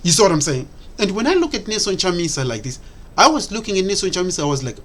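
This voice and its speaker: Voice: mid-range voice, very animated, quick pace, a bit bright. A political commentator giving an impassioned solo monologue, repeating points and asking rhetorical questions, with frequent hesitant fillers. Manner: emphatic and repetitive, with rhetorical questions.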